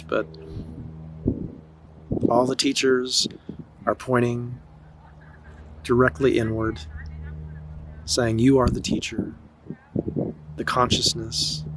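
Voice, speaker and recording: A man speaks in a calm, gentle, nurturing way, delivering a meditative spiritual talk at a very slow, unhurried pace. He is outdoors, with faint wind and traffic noise behind him. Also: medium pitch, poor audio. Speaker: spiritual teacher.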